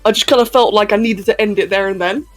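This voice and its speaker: A woman's voice: mid-range voice, fairly even intonation, quick pace, soft background music. A woman chatting casually on a live stream, hyper and giggly, answering chat messages as she goes.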